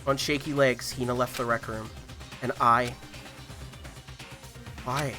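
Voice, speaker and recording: Man narrating a game, bright tone. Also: medium pitch, fairly even intonation, takes it slowly, long pauses, soft background music. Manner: narrates steadily, erupts into loud swearing. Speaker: streamer. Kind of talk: reading a visual novel aloud on stream.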